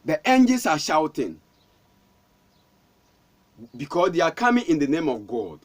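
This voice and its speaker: A man's voice: a little high, big pitch swings, unhurried. A male pastor with a Ghanaian accent preaching a fervent sermon, repeating phrases and calling out to the congregation.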